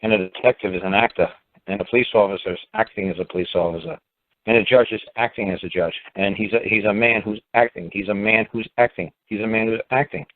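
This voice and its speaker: New york guy ranting on a call-in show, swears a lot, lowish voice, tinny phone sound. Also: fairly even intonation, fast, no room sound. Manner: blunt, profane, rambling storytelling. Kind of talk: casual radio call-in talk. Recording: dry phone-line audio.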